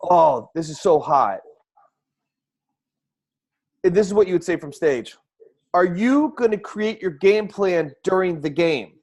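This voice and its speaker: A man hosting a live coaching show, talking excitedly and firing off repeated rhetorical questions over a video call. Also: high-pitched. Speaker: host and speaking coach. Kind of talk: energetic live-stream coaching talk.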